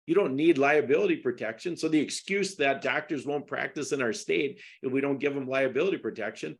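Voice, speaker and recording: A man's voice: on the high side, expressive, brisk, creaky, few pauses, breathy edge. A middle-aged man talking through a legal case in a casual interview, emphatic and turning to indignant questions. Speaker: podcast guest discussing a lawsuit.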